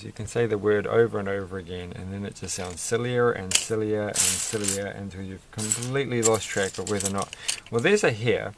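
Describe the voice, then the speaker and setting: A man's voice: fairly low pitch, creaky, noisy background. A man chatting casually while building a Lego set, rambling and musing with a self-deprecating manner.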